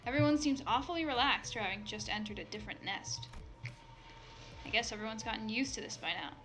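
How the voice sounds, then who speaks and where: A woman's voice: a little high, brisk, fairly bright tone, soft background music. A woman from the United States reading a game story aloud and breaking off into swearing asides. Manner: reads narration, then breaks off into swearing asides. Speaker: fan reader of a game story. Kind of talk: casual dramatic reading.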